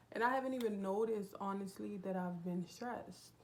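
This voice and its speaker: A woman's voice: mid-range voice, normal speed, a little hiss or hum. Young woman talking openly in a vlog. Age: young adult. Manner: rambling and heartfelt, with many fillers. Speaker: vlogger. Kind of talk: casual confessional vlog chat. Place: indoors at a relative's home.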